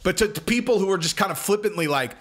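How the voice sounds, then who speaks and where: Animated, bright-voiced male commentator. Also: high-pitched, fast. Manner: emphatic, repeats points, frequent "okay?" and "like". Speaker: channel host.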